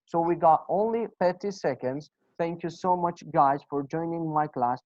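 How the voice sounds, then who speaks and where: Kurdish accent guy running an english class over a video call, repeats words slowly, dull dry sound. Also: fairly high pitch, a little mellow, no room sound. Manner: patient, repeats example phrases slowly. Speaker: English teacher. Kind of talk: online class on pronunciation.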